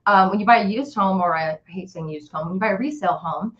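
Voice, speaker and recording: A woman's voice: medium pitch, quick pace, highs cut off. A woman hosting a casual live real estate chat, blunt and jokey, reading out viewer questions. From Las Vegas area. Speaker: real estate agent, show host.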